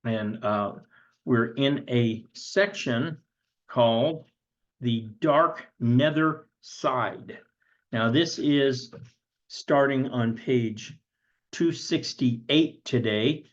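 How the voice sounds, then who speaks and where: A man's voice: mid-range voice, very slow, highs cut off. A man teaching a recorded history lesson, reading aloud from a textbook and breaking off into conversational asides.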